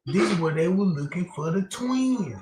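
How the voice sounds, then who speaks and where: A man's voice: sits high, animated, reverberant, background noise. A man hosting a livestream, giving crude, mocking, profane commentary. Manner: mocking, profane, drawn-out delivery. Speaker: livestream host.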